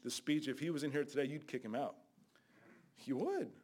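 Older guy preaching hard, yells then goes quiet, kinda high voice. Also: very animated, brisk. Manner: loud, scolding, shifts between shouting and low asides. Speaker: guest preacher. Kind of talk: fiery Bible sermon.

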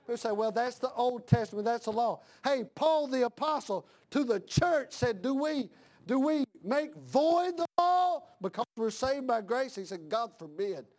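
A middle-aged male pastor preaching a fiery sermon in a church, repeating his lines and rising to shouted emphasis. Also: extremely high pitch, expressive, normal speed.

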